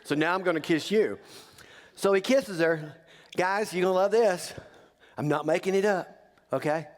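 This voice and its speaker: A man preaching as a pastor, telling a story in a joking, conversational way and teasing the congregation. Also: a little high. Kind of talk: humorous sermon storytelling. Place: church sanctuary. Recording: long reverb of a church hall.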